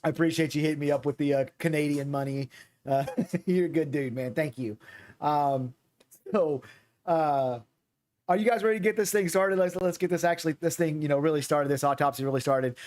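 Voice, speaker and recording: A man hosting a casual livestream chat, reading chat messages and talking in halting, self-repeating bursts. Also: fairly high pitch. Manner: halting, repeats words, reads chat aloud. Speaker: streamer host.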